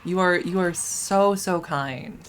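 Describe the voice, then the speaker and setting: A woman streaming a game, chatting casually on her microphone, halting and flustered, restarting often and laughing through it, emotionally overwhelmed. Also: fairly low pitch, background noise. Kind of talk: casual live-stream chat.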